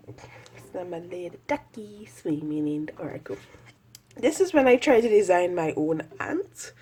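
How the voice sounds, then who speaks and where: Woman, casual vlog narration, husky voice, rambling, self-deprecating. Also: fairly low pitch, expressive, unhurried, warm tone. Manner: chatty, rambling, self-mocking with frequent laughs. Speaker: artist vlogger. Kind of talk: casual sketchbook tour narration.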